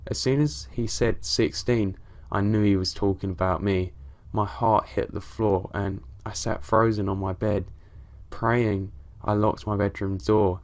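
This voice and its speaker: Male narrator, lowish pitch, calm first-person horror storytelling, casual swearing. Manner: low-key, steady storytelling with casual swearing.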